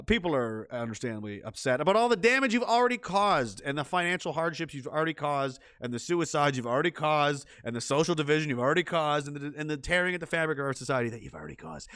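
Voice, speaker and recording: A middle-aged man rants through political news, sarcastic and profane, reading out chat comments between jabs. His voice sits a bit high for a man, and the sound is dry and close with no room echo. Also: a bit bright. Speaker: livestream commentator.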